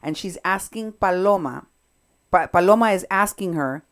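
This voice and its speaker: A woman hosting a talk show, retelling events with animated emphasis while commenting on audio clips. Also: fairly low pitch, moderate pace. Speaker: podcast host.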